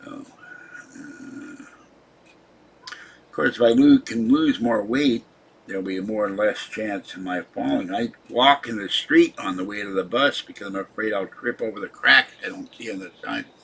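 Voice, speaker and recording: Casting note: older male live-stream host, husky voice, cranky and grumbling at his viewers. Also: fairly low pitch, normal speed, a bit bright. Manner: irritable, scolding viewers in the chat. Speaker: livestream host. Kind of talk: rambling live-stream chat.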